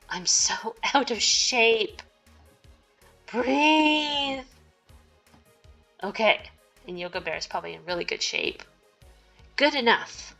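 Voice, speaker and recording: A woman's voice: on the high side, a bit bright. Playful woman reading a game aloud. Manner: playful, jokey asides and giggles between narrated lines. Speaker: game streamer. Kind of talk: reading a visual novel aloud with commentary.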